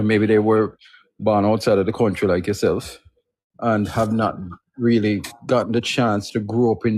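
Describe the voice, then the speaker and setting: A man hosting a livestream who speaks in a measured, assertive way, as if lecturing a guest. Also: on the low side, a little mellow. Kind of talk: persuasive commentary.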